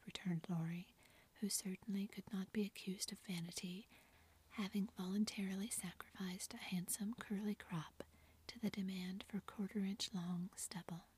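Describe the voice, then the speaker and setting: A woman narrating a classic novel entirely in a soft whisper, as whispered role-play. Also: medium pitch, steady tone, normal speed, slightly rough. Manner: soft unvoiced whisper throughout.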